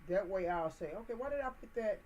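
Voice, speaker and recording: Woman, gardening vlogger, mid-pitched, folksy and encouraging, faint hiss behind. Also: lively intonation, fast talker, a little mellow, highs cut off. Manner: folksy, chatty, encouraging, addresses viewers as y'all. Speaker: gardening channel host. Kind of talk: casual how-to demonstration. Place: indoors, potting plants.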